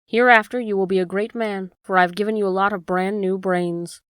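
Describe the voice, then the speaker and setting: A woman's voice: medium pitch, steady tone, moderate pace, clear, resonant tone, no echo, studio quality, lightly acted. A woman voicing the Wizard, a meek humbug. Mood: mild. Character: the Wizard, a little old humbug man.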